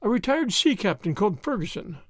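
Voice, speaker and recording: A woman's voice: mid-range voice, big pitch swings, fairly quick, dry recording, clean studio sound. A man voicing a proper, anxious lady of the house in a storybook reading. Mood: earnest.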